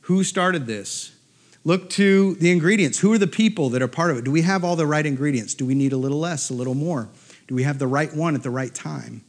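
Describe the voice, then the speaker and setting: A man's voice: a little high, brisk. A middle-aged man telling a personal story live on stage, acting out the voices of people in it. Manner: animated, acts out voices in his story.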